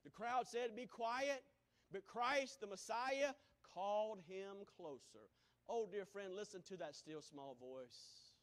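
A man preaching a sermon from a church pulpit, impassioned, swinging from shouted climaxes to hushed, quiet lines. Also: high-pitched, slow.

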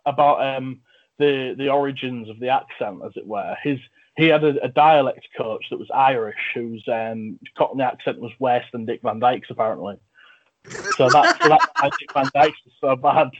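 A man's voice: medium pitch, expressive, normal speed, slight background noise. Chatty guy gushing about films, kinda muffled call sound. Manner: chatty, enthusiastic, jokey. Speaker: podcast host and film reviewer. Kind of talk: casual chat.

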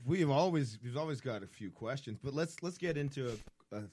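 A man's voice: mid-range voice, animated, brisk, a little mellow, dry recording. A man hosting a podcast, asking his guest easygoing, joking questions. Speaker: podcast host. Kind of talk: casual chat, interviewing.

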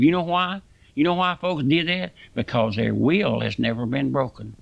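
A man's voice: mid-range voice, moderate pace, vocal fry, fairly bright tone, no echo, muffled recording. A man preaching a fiery radio sermon, impassioned and folksy, full of homespun sayings.

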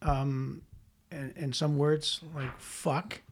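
A man's voice: medium pitch, level tone, extremely slow, a little hiss or hum. A man hosting a casual interview, chatting freely and offering his own opinions. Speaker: host.

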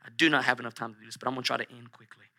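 A male pastor preaching a sermon in an animated way, repeating lines for emphasis. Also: mid-range voice, rapid-fire, a little hiss or hum.

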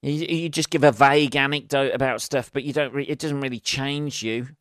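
A man's voice: medium pitch, fairly even intonation, brisk, a bit bright, dry recording, studio quality. A man hosting a solo podcast, rambling through sweary, self-deprecating stories. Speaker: podcast host.

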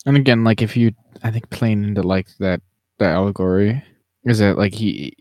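A man's voice: fairly low pitch, moderate pace, a little mellow, dry recording, clean studio sound. A man co-hosting a podcast, musing about a film in a meandering, hedging way, thinking aloud as he goes. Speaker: podcast co-host. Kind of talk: casual movie discussion.

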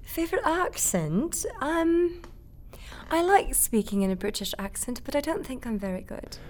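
A woman's voice: high-pitched, animated, normal speed, darkish tone. A young adult woman, a guest in a casual interview, speaking earnestly and reflectively and laughing easily.

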